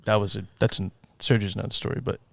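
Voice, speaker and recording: A gravelly, fairly low-pitched man talks fast against slight background noise. He's a music teacher guesting on a casual podcast, an animated storyteller who acts out voices and laughs a lot as he spins his stories.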